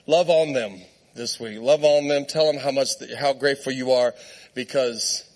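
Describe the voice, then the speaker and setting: A man preaching in church, telling a funny story with lots of laughter and animated quoted voices. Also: mid-range voice, normal speed. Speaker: guest preacher. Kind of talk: storytelling sermon.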